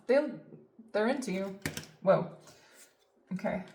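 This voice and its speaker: A woman's voice: a little high, a little slow, long pauses, darkish tone. A woman giving a casual tarot reading, chatty and emphatic, with lots of fillers and the odd swear word. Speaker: tarot reader. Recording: echoey room.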